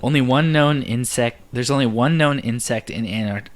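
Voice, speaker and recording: A man's voice: medium pitch, moderate pace. A young man co-hosting a casual podcast, easygoing and slangy, often trailing off mid-thought. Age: young adult. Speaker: podcast co-host. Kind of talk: casual chat.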